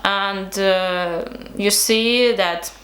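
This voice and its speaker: A woman's voice: mid-range voice, drawn-out words, a bit bright, roomy sound. A young woman from Russia with a Russian accent, chatting casually to camera with hesitant fillers and restarts. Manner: hesitant, lots of fillers and restarts, frequent laughs. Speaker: vlogger.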